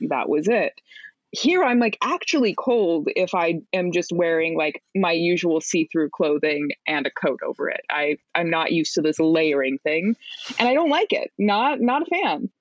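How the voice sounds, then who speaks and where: A woman's voice: lowish voice, animated, moderate pace, dry recording, muffled recording. A young woman co-hosting a podcast in casual chat, chatty and self-mocking, often laughing. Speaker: podcast co-host.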